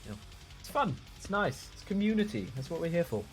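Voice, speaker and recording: A man's voice: fairly high pitch, fairly quick, soft background music. Chatty man casting a game stream. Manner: relaxed and chatty, many restarts. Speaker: esports caster. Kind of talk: casual live game commentary.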